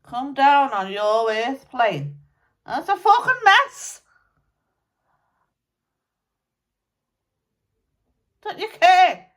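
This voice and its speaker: A woman's voice: on the high side, expressive, slow pace, a bit bright, pitched above the performer's own voice. A woman channelling the spirit of a blunt, angry male rock musician, scolding and swearing at listeners. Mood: ranting.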